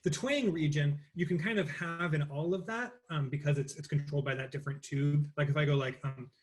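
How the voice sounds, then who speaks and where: A young man teaching an interactive voice lesson, explaining in loose bursts and singing vocal exercises. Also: a little high.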